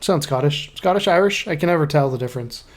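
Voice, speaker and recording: A man's voice: on the high side, animated, fast. Chatty, irreverent man narrating a game. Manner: chatty, irreverent, swears offhand. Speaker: gamer playing through the story. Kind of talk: casual gameplay commentary.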